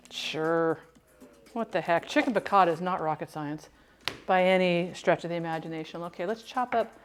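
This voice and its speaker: A woman hosting a casual cooking livestream from her kitchen, chatting to viewers, humming and singing along, and laughing often. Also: mid-range voice.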